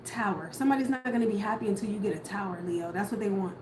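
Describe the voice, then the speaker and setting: A woman's voice: mid-range voice, fast talker. A woman doing a casual tarot reading, musing aloud and talking bluntly, with casual swearing. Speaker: tarot reader. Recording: echoey room with audible background noise.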